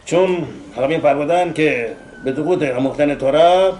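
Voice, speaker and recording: A man, a rabbi, delivering a eulogy sermon in rapid, emphatic bursts with frequent hesitations. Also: fairly high pitch, a little mellow, a little hiss or hum, rough recording.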